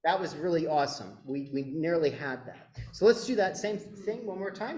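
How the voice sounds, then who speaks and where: A man's voice: on the high side, expressive, normal speed, hardly any pauses, roomy sound, over loud music. A man directing a choir rehearsal, coaching singers and demonstrating phrases. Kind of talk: rehearsal instruction.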